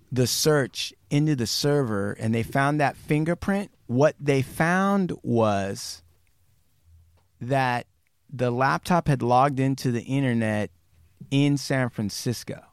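A man's voice: lively intonation, takes it slowly, clean tone, dry recording. Male podcast host, storyteller, voices the people he quotes, dry close sound. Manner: acts out quotes with big pitch jumps, swears casually. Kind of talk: animated true crime storytelling.

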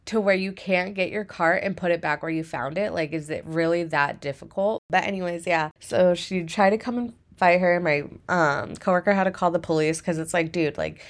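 A young woman in her twenties chats casually, filling her sentences with "like" and dropping swear words without a second thought. Her voice sits on the lower side for a woman. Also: moderate pace, few pauses. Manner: chatty, frequent "like", swears casually. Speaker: podcast host. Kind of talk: casual storytelling vlog.

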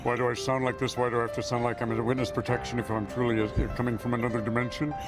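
Brief: man doing a channeled male spirit, very fast, monotone, music behind. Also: mid-range voice, close to an everyday voice. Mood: mock-mysterious.

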